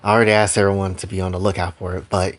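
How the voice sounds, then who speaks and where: A man's voice: low voice, level tone, racing, pitched below the performer's own voice, lightly acted. A man voicing a serious, worried young male hero in a story recap.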